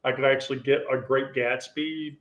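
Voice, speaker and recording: A man hosting a relaxed group chat, rambling and often restarting his sentences. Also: mid-range voice, moderate pace, dull audio. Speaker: host. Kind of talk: casual chat.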